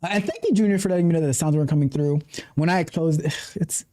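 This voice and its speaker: This middle-aged man, a tech coach running a relaxed livestream, talks fast in a fairly high, warm voice. He rants with real passion, constantly breaking off and starting his sentences over.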